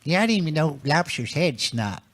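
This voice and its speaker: Woman doing a laid-back folksy security dude, deadpan drawl, improv comedy. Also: low-pitched, fairly quick, noisy background. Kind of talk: improvised comedy audio play.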